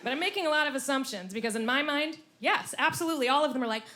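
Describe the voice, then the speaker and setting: A woman performing a stand-up comedy set on stage, animated, slipping into silly voices. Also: high voice, fast, noisy background. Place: comedy club stage before a laughing audience.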